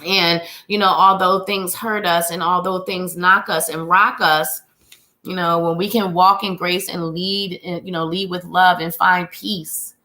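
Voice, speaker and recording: A woman's voice: on the low side, steady tone, a little slow, pushed and bright. A chatty woman hosting a live tarot reading stream, greeting viewers by name and reading cards in a bubbly way. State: slightly winded. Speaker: psychic reader hosting a live show.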